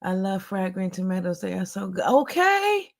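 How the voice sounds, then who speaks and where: A woman's voice: mid-range voice, big pitch swings, moderate pace, gravelly. A woman hosting a casual livestream, chatting playfully with a guest and laughing often. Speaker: livestream host.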